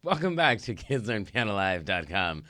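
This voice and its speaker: Hoarse upbeat man teaching piano. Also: lowish voice, big pitch swings, normal speed, sharp tone, no echo, studio quality. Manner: upbeat, explanatory, chatty. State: hoarse, lost voice. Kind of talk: live online kids' piano lesson.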